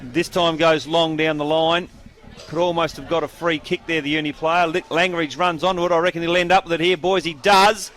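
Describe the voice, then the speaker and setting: An Australian man commentating local football with a lively, opinionated delivery, throwing asides to his co-hosts. His voice is pitched a bit above the usual for men. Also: brisk. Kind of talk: live sports commentary.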